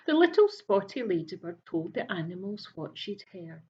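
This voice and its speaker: A woman reading a rhyming picture book aloud in a slow, soft, rhythmic way, like a teacher at story time. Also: mid-range voice, big pitch swings. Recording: dull lo-fi recording.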